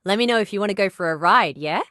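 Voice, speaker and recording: A woman voicing a perky young game character who speaks with careful, highly varied intonation. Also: expressive, quick pace, bright, forceful tone. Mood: chirpy. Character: perky young woman with an attempted Australian accent. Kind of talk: game voice lines.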